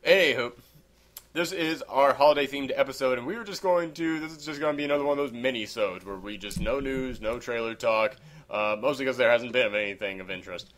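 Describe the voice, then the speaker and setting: A man's voice: medium pitch, a little fast, fairly bright tone. A man hosting a casual podcast chat, rambling and joking, with a habit of saying "anywho". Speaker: podcast host.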